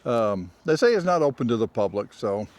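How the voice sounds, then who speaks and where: A man's voice: mid-range voice, sing-song, a little fast, darkish tone. A man chatting casually while walking a trail outdoors, joking and teasing often. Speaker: vlogger.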